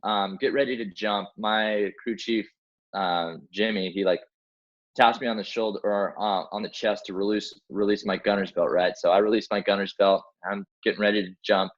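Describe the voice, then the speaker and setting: A young man with a fairly low voice tells a war-story-style rescue tale in a relaxed interview. He acts out each exchange and sprinkles in "like" and "man" as he goes. The audio is dull and muffled. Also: normal speed. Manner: animated, acts out quoted dialogue, many fillers like "like" and "man". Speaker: guest, helicopter rescue swimmer.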